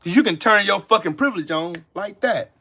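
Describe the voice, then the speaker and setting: A man's voice: high-pitched, expressive, fairly quick, pushed and bright. A man hosting his own channel, delivering an angry, profane rant that curses, accuses and repeats its lines. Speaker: channel host.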